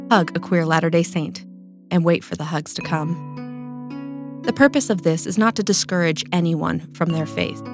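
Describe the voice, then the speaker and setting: A woman reading her own personal essay aloud in a calm, measured, sincere way. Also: on the low side.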